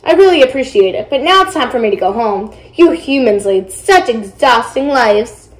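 High little storybook mermaid, chatty and curious, gets shrieky, girl reading it. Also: expressive, normal speed, lightly acted, poor audio. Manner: dramatic, shrieking when scared. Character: curious friendly female mermaid, small.

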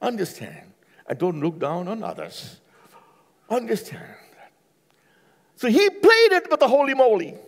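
A man preaching a sermon with passion, swinging from hushed, low pleading to loud, high exclamations. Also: huge pitch swings, measured pace, pauses often. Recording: long hall reverb.

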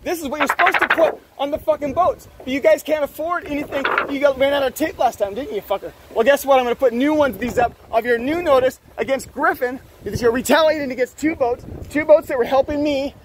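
Furious high-voiced man berating officials. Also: fast, few pauses, a little hiss or hum, rough recording. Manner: angry, accusatory, profane, shouting. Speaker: boat owner confronting officials. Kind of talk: heated confrontation, filmed. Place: outdoors at a harbor.

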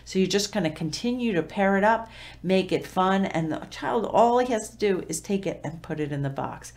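A woman's voice: mid-range voice, lively intonation, normal speed, a little mellow. A middle-aged woman giving parenting tips to camera in a conversational teaching style, with fillers and self-corrections.

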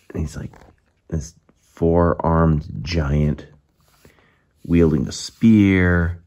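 A man giving an enthusiastic, casual review of gaming miniatures, now and then dropping into hushed asides. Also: low voice, drawn-out words, pauses often, dull audio.

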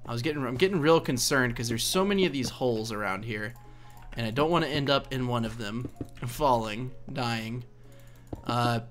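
With a mid-range voice that's a touch bright, this young man narrates his gaming session as a let's play host. His commentary is chatty and meandering, full of laughs at his own expense and sweet-talking of in-game characters.

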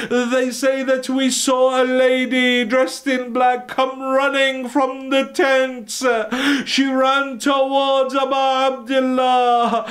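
A man's voice: extremely high pitch, monotone, slow, a bit bright. A sheikh delivering an impassioned, tearful mourning sermon, breaking into cries as he recounts the story. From United Kingdom.

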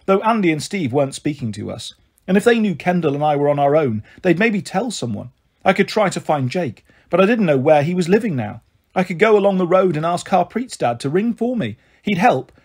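A man reading a children's novel aloud in steady first-person narration. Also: fairly high pitch, breathy edge. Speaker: reader. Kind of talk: storybook reading.

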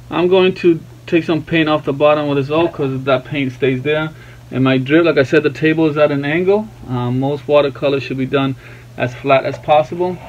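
Chatty dad with a slightly high voice. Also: male voice, darkish tone, muffled recording. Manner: chatty, playful, breaks off to talk to his baby. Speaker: art tutorial host and father. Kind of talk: casual drawing tutorial narration. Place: at home at a drawing table.

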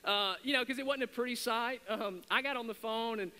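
A man's voice: very high voice, a little fast, bright, forceful tone. A man, a pastor, telling his personal story in an earnest sermon, often restarting his sentences. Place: church sanctuary. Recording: long hall reverb.

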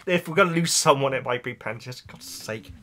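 A woman reacting to an animated episode in casual commentary, excitable and pleading at the screen. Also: rumbling low, brisk, a crowd in the background. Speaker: reaction video host. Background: show audio playing.

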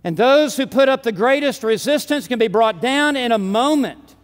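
A man preaching a sermon at a large conference, emphatic and building to forceful declarations. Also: very high-pitched, animated, moderate pace, big-room sound.

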